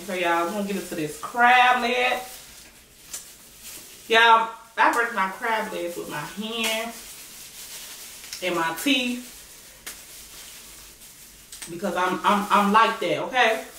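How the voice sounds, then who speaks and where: A woman vlogger chatting casually while she eats, slangy and animated, often repeating herself. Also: medium pitch, takes it slowly, long pauses. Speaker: mukbang and reaction vlogger. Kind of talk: casual chat while eating. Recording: echoey room, mic at a distance, faint noise.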